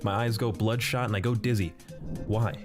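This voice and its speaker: A man's voice: lowish voice, moderate pace. A man reading a scripted comedic narration in a blunt, sarcastic, profane way. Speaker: video essay narrator. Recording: voice-over with music bed.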